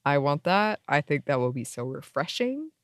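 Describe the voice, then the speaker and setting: A woman's voice: low voice, big pitch swings, no echo, clean studio sound. A woman co-hosting a podcast, chatting casually over an internet call and giggling at jokes. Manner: giggly, drawn-out reactions. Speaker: podcast co-host. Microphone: home mic over internet call.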